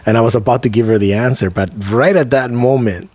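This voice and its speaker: A man co-hosting a podcast, telling a personal story in a loose, conversational way, with slang asides and dramatic slowdowns at key moments. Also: medium pitch, a little mellow, dry recording. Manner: vivid, emphatic storyteller who slows down for dramatic moments. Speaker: podcast co-host. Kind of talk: casual storytelling chat.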